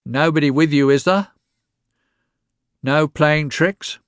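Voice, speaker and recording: A wheezy, leering woman with a bent back and a greedy, cunning streak, as a male reader puts her on, her voice pushed well above his own. She wheedles in a thin, high register. The sound is dry and close, with no room around it. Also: slow pace, smooth, dry recording. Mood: wheedling.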